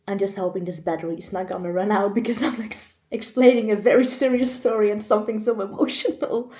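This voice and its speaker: A woman's voice: mid-range voice, steady tone, brisk, dark tone, echoey room. A woman in her twenties opening up in a candid vlog, chatty and emotional, close to tears at times. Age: 20s. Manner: emotional, chatty, laughs often. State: choked up, on the edge of tears. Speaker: vlogger. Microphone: camera mic.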